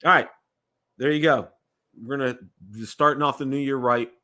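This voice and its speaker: Bright-voiced American man hosting a livestream. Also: mid-range voice, fairly even intonation, moderate pace. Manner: rambling, repeats words, checks in with "okay?". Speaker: livestream host. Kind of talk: casual livestream chat.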